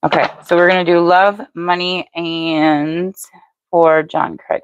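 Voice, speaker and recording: A woman's voice: fairly low pitch, slow pace, clear, resonant tone, no room sound, muffled recording. An older woman doing a live-stream tarot reading, chatty and matter-of-fact, speaking to viewers by name. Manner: even, matter-of-fact delivery. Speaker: tarot reader.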